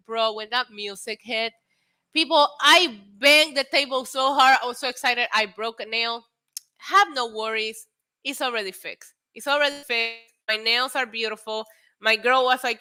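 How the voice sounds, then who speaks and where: Woman streamer, casual live chat, excitable and animated, bright, sharp voice, fairly high pitch. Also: normal speed. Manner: excitable, animated storytelling with swearing.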